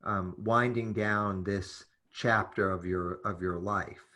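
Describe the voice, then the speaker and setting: Host guy, kinda low voice, asks these long rambly questions, lots of restarts. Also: steady tone, slow pace, pushed and bright. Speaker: interviewer host. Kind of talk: conversational interview.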